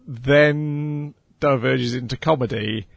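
A man's voice: mid-range voice, takes it slowly, creaky, no room sound. Hesitant man reviewing anime, dry sound. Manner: hesitant, filler-heavy, wry. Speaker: podcast co-host. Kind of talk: casual chat reviewing anime.

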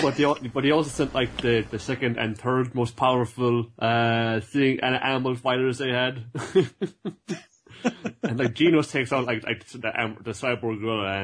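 A man's voice: mid-range voice, fairly bright tone. A man co-hosting a podcast, retelling cartoon scenes in a rambling, stammering way full of fillers. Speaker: podcast co-host. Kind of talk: casual anime recap chat.

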